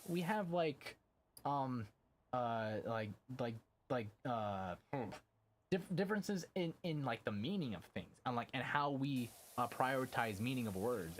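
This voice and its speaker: A young adult man streams games live, chatting casually and rambling, his talk full of fillers and casual swearing. His voice is medium-pitched, with a little hiss or hum in the audio.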